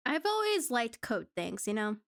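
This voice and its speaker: Giggly woman streamer rambling on, kinda high voice, dry close mic. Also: sing-song, normal speed, no echo. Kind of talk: casual live-stream chat.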